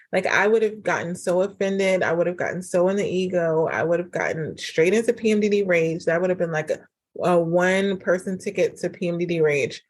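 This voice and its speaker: A woman hosting a casual solo podcast as a relationship coach, chatty and animated, full of fillers. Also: on the low side, brisk. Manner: chatty and animated, acts out quoted dialogue; frequent fillers like "like" and "um".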